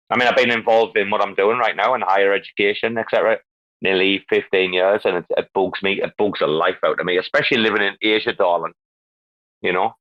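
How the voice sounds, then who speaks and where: A man's voice: fairly low pitch, fairly bright tone, dry recording. A man hosting a casual chat, ranting heatedly with lots of swearing and fillers. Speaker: host. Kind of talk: casual chat on a live audio room. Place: lives in Asia. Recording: dull lo-fi dry sound.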